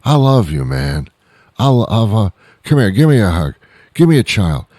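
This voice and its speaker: A man's voice: lowish voice, very animated, normal speed, mellow, dry recording, studio quality, voice pushed up. A man voicing a sloppy, affectionate drunk man who keeps repeating himself and begging for hugs. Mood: gushing. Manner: slurring, repetitive, pleading for hugs.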